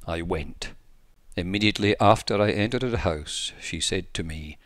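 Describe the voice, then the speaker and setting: A man narrating an old religious account in a measured, solemn, sermon-like way. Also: sits low, no room sound, studio quality.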